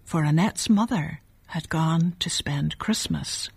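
A woman reading a story aloud, softly and often in a half whisper. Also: sits low, slow, gravelly, slightly rough.

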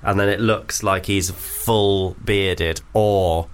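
A man's voice: deep voice, steady tone, slow pace, clean tone. A man hosting a radio show, joking and bantering with his co-host. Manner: playful, laughing, joking.

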